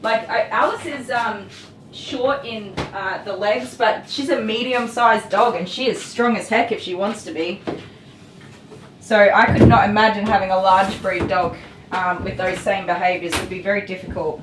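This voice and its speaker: A woman's voice: medium pitch, steady tone, moderate pace, distant mic, background noise. A middle-aged Australian woman who grooms dogs, chatting on a livestream in a blunt, exasperated way with mild swearing and frequent laughter. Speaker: dog groomer streaming live. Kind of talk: casual livestream chat. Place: grooming salon. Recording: echoey room, voice from off-mic.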